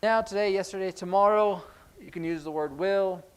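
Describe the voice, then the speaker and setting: Man in a church classroom running a sign language lesson; rambling, jokey, pitched a touch high. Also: moderate pace, smooth, poor audio. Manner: chatty, rambling, jokey asides. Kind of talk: casual classroom teaching.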